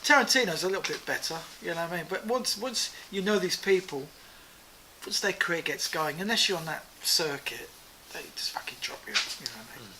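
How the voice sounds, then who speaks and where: A man being interviewed, telling a rambling anecdote in an animated, casual way, swearing freely and repeating "I said" as he goes. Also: high-pitched, brisk, slight background noise, rough recording. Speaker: interview guest.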